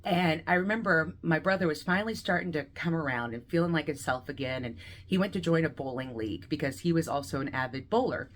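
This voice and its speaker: A woman of around forty on a video call, telling a deeply personal story and acting out the voices in it, moving between laughter and quiet grief. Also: fast, slight background noise. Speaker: guest speaker sharing a personal story.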